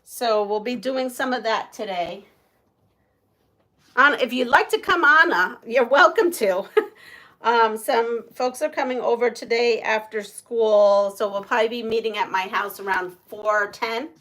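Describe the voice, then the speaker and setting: A woman's voice: on the high side, a little slow, bright, forceful tone. A woman hosting a casual livestream, chatting and laughing with viewers. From United States. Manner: chatty, laughs often, reads viewer comments aloud. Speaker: livestream host.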